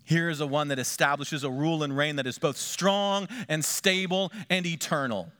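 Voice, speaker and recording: A middle-aged man preaching a sermon as pastor, moving between hushed, quiet asides and lifted, emphatic lines. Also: on the high side, normal speed, smooth.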